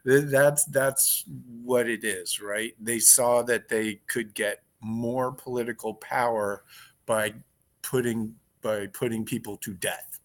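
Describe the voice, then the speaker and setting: A man co-hosting a casual political podcast, talking bluntly and profanely with dark humor. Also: mid-range voice, steady tone, slow. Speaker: podcast co-host.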